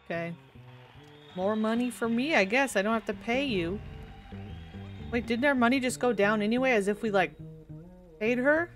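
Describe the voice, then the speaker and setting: A woman's voice: fairly high pitch, normal speed, long pauses, faint music behind. A woman in her twenties chatting casually as she streams a game, giggly and rambling, with many restarts. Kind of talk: casual gameplay commentary.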